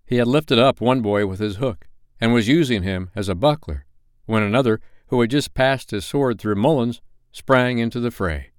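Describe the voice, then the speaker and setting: A man reading a classic novel aloud as a bedtime story, in an expressive, lively way. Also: medium pitch, moderate pace, smooth, dry recording, clean studio sound. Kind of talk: audiobook narration.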